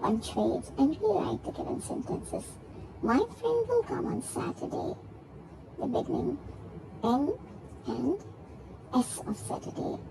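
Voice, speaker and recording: Slow, gravelly-voiced woman teacher. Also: sits high, noisy background. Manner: repeats each word slowly and spells out syllables. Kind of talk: recorded grammar lesson for young children.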